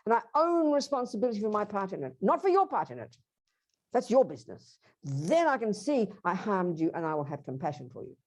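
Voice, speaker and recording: Animated, emphatic woman teaching a workshop. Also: medium pitch, fairly quick. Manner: emphatic, direct, addresses audience. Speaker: Buddhist teacher.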